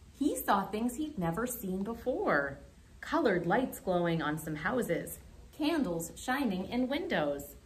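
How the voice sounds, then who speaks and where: A young woman, a children's librarian, reading a picture book aloud in an animated, expressive way during a remote storytime. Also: lowish voice, slight background noise.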